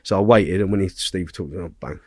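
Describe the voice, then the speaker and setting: A man's voice: low voice, a little fast, no echo, studio quality. A man, a podcast guest telling a story in casual conversation. He swears constantly, talks bluntly and keeps checking in with tag questions. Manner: blunt, heavy swearing, animated retelling.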